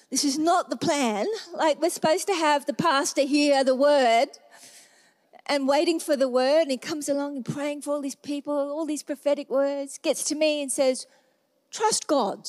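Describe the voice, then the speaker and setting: Aussie lady preacher, kinda high voice, acts out her prayers while telling her story. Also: moderate pace, a little mellow. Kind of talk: sermon testimony.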